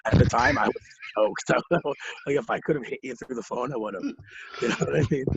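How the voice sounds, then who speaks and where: A man's voice: mid-range voice, fast talker, vocal fry, a little hiss or hum. A young man from Ontario, a podcast guest telling profane, laughing stories in casual talk. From Ontario, Canada. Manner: profane, laughing, animated storyteller. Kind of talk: casual storytelling. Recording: dull lo-fi recording, dry.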